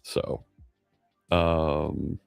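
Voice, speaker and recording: A middle-aged man, host of a live coding stream, chatting casually and answering viewers' messages out loud, with plenty of fillers. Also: a bass voice, level tone, very slow, vocal fry, clean tone, no echo. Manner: chatty, reads chat aloud, many fillers. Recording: faint music underneath.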